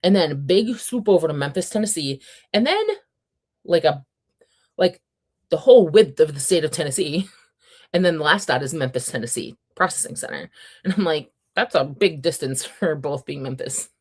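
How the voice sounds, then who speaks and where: A woman in her thirties hosts a relaxed readathon livestream, reading out viewer comments and riffing on them in a chatty, wry manner. Her voice is low and husky, and she speaks at a normal speed.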